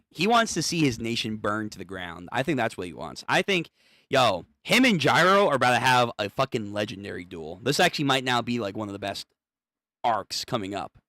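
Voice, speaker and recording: A man's voice: mid-range voice, big pitch swings, moderate pace, pushed and bright, no room sound, clean studio sound. A young man hosting a comic read-through, reacting with hyped, slangy chatter and casual swearing.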